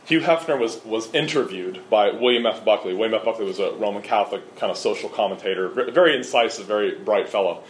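A middle-aged man preaching a sermon with earnest, emphatic delivery and lively storytelling. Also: fairly low pitch, quick pace, hardly any pauses, slight background noise. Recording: roomy echo.

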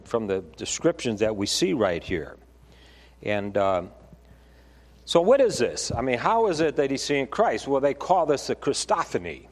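A man preaching a Bible teaching sermon in a conversational way, often restarting his phrases. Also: medium pitch. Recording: long reverb of a hall.

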